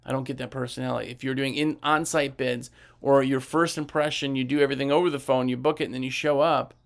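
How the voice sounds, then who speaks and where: A man offers casual business coaching in a lively, conversational way, posing rhetorical questions and imitating customers. He talks fast with a mid-range voice and vocal fry.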